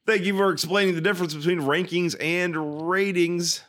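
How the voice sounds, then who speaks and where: A man's voice: high-pitched, steady tone, fairly bright tone. A man co-hosting a casual podcast, wry and profane, often restarting his sentences. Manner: swearing, wry, halting restarts. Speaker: podcast co-host.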